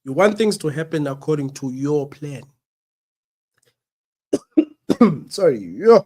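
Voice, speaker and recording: A man's voice: a little high, lively intonation, takes it slowly, dark tone. Earnest South African man with flu. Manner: earnest, preachy, repeats his points. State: has the flu, coughing. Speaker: radio show host. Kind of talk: reflective talk-show monologue.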